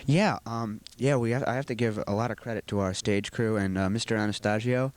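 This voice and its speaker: A teenage boy with a fairly low voice answers questions for a school video. He talks earnestly and rambles through long explanations. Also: steady tone, a little fast. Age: teens. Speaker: student actor being interviewed.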